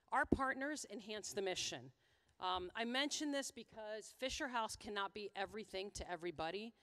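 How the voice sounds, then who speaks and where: A middle-aged woman from the USA giving a conference presentation, telling a heartfelt story with quoted dialogue. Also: medium pitch. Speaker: conference speaker.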